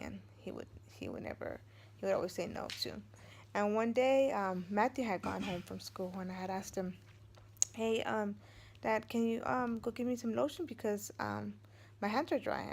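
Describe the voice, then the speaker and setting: A woman's voice: mid-range voice, sing-song, moderate pace, gravelly, darkish tone, a little hiss or hum. A woman in her forties, a vlogger and mother of three, telling a story casually, rambling with many fillers and restarts and acting out what others said.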